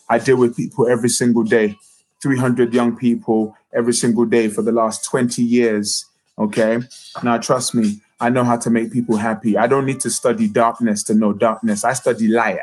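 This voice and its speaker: A man's voice: medium pitch, low-quality recording. A man, a motivational speaker and youth coach, hosting a live stream talk, upbeat and repeating phrases as he addresses viewers directly. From United Kingdom.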